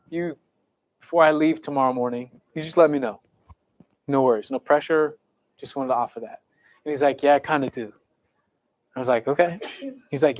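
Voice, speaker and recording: A man's voice: a little high, no echo. A young man telling a conversion story in a sermon to students and counselors, earnest and conversational, then leading a prayer. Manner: earnest, conversational, quotes people casually. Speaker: camp speaker.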